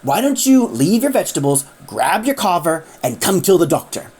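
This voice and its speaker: A woman's voice: lowish voice, sing-song, moderate pace, a little mellow, husky, soft background music. A woman voicing the sinister, coaxing voice of a sentient house, sly and persuasive.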